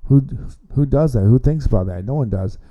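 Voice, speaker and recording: A man's voice: mid-range voice, lively intonation, a little fast, dark tone, dull audio. A man hosting a casual sports podcast, opinionated, often repeating himself and restarting phrases. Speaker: podcast host.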